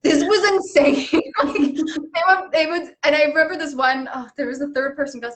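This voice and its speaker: Animated, higher-voiced woman actor chatting. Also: moderate pace. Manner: animated storytelling, laughing at herself. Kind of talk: casual chat. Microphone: webcam on a live stream.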